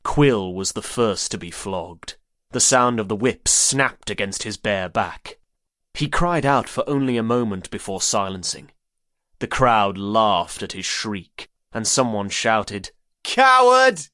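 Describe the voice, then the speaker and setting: A man reading a first-person story as an audiobook narrator, in a measured, even way. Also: fairly low pitch, no echo, studio quality.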